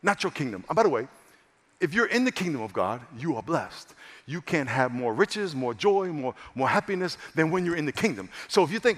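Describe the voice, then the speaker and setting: Male preacher w a high voice, goes loud then hushed, lots of ringing reverb in the room. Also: big pitch swings, fairly quick. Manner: emphatic, swings from loud to hushed; repeats phrases for stress. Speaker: pastor. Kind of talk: sermon.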